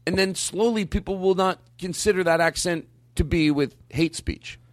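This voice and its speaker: A man's voice: high voice, normal speed, no room sound. A man hosting a comedy show, brash and cursing in loose, stop-start banter. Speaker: comedy podcast host.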